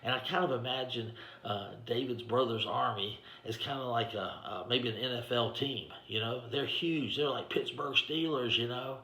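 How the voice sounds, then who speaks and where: A man's voice: medium pitch, moderate pace, sharp tone. Folksy man telling a story. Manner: folksy, conversational, lots of "you know". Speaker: ministry director giving a devotional. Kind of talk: informal devotional storytelling. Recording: echoey room.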